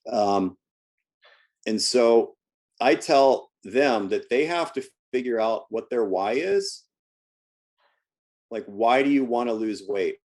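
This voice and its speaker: A man's voice: medium pitch, animated, slow, long pauses, darkish tone. A man who works as a health coach, talking casually in an interview and telling stories from his work, often restarting and repeating words.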